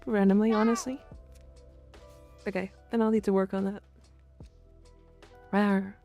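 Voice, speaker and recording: A woman's voice: medium pitch, little pitch movement, brisk, dull audio, faint music behind. A young woman streaming live, chatting playfully with her viewers and answering their comments. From Canada. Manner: playful, reads chat aloud and answers it, growls "rawr" at viewers. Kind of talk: casual live-stream chat.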